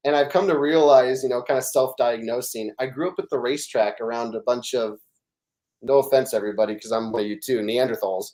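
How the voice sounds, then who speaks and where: A middle-aged man, a podcast guest, telling stories in animated casual chat, with many fillers and restarts. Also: mid-range voice, fairly quick.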